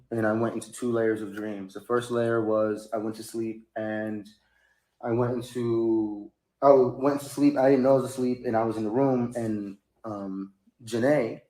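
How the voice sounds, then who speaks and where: A man telling a long personal story in a casual, rambling way, sometimes rising into high, loud bursts. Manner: rambling, rising to high-pitched outbursts when quoting himself. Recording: echoey room.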